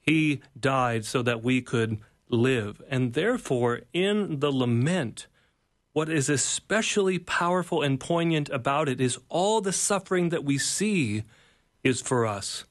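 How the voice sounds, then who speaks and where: A man's voice: mid-range voice, lively intonation, a little slow. A man, a pastor and author, speaking as an interview guest in an earnest, preacher-like way, building points through repeated phrases. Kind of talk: reflective devotional talk.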